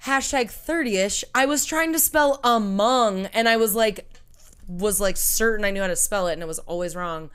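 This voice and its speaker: A woman's voice: fairly low pitch, clear, resonant tone. A young woman co-hosting a podcast, chatting casually and breaking in with playful asides. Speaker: podcast co-host. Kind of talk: casual chat.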